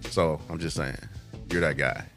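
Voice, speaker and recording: A man's voice: extremely low pitch, fairly even intonation, normal speed, fairly bright tone, faint music behind. A man co-hosting and producing a casual podcast, teasing his friend, laughing often and tripping over his words. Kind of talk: casual chat.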